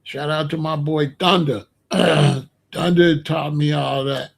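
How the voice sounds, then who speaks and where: A man hosting a podcast, telling a story in a casual, animated and slangy way. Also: on the high side, a little slow, vocal fry, slightly rough. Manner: animated, slangy, explains with gestures. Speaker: podcast host.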